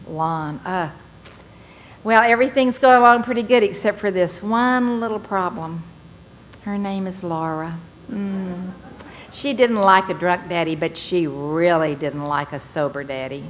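A middle-aged woman tells her recovery story to a meeting, earnest and folksy with animated bursts. Her voice sits on the low side for a woman. A faint noise runs under the recording. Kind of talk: personal testimony talk to a meeting.

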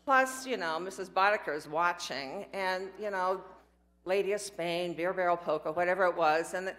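A woman's voice: on the low side, moderate pace, fairly bright tone. Candid older woman telling her story. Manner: candid, rambling, self-mocking with quoted asides. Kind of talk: personal storytelling talk.

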